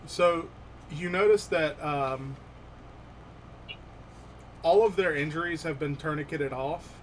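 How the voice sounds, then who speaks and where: Slow, hesitant game master. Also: male voice, fairly high pitch, slight background noise, low-quality recording. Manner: hesitant, filler-heavy narration. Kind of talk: narrating a tabletop game.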